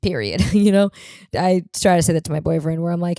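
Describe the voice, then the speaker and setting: A woman with a deep, raspy voice rambles through comic stories as a podcast host. She talks casually and bluntly, with plenty of swearing. Her voice sounds close and dry, with no room around it. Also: brisk, mellow, no room sound. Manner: blunt, profane, rambling storyteller. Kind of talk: casual comedic monologue.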